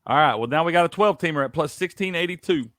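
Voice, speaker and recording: A man hosting a betting stream in a slightly high voice, relaxed and unhurried as he reads off his picks. His voice is recorded close and dry. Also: no room sound. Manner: laid-back, drawling, reads lists of picks. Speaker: sports betting stream host. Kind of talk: casual sports chat.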